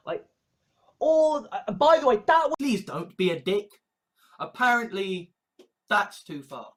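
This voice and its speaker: A man's voice: high-pitched, animated, normal speed, poor audio. A man ranting in a sarcastic, exasperated way, swearing often and repeating a mocking phrase in escalating outbursts. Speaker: online commentator. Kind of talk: ranting commentary compilation.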